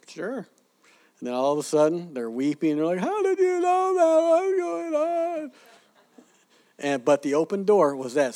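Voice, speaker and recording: Animated man teaching from stories. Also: medium pitch. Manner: animated storyteller, acts out quoted people. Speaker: preacher teaching evangelism. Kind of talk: sermon-style teaching with stories.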